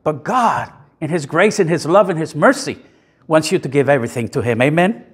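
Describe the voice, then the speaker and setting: Animated, high-pitched preacher man. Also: breathy edge. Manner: animated and emphatic, pausing for congregation amens; conversational, with self-deprecating asides. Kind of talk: sermon. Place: church sanctuary.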